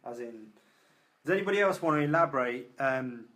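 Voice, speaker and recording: A man's voice: medium pitch, lively intonation, brisk, fairly bright tone. A man on a live ghost hunt, chatting and musing about what they hear. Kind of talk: live paranormal investigation. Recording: noisy ambience.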